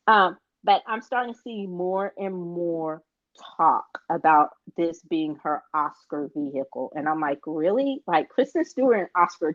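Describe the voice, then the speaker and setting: Rambling, frank woman, dull lo-fi sound. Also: lowish voice. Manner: frank, rambling, swears freely. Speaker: podcast co-host. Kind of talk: casual chat. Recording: dull lo-fi recording.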